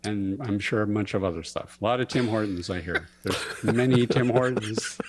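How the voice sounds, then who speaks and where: A man's voice: lowish voice, moderate pace, noisy background. A man hosting a podcast, playful and teasing in casual banter with his co-hosts. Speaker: podcast host.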